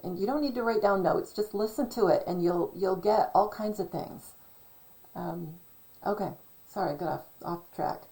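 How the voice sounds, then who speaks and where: A woman's voice: mid-range voice, moderate pace, gravelly, dark tone, poor audio. A woman hosting her own channel, talking in a casual, rambling monologue that keeps correcting itself and drifting off track. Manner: chatty, self-correcting, digressive. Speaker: channel host.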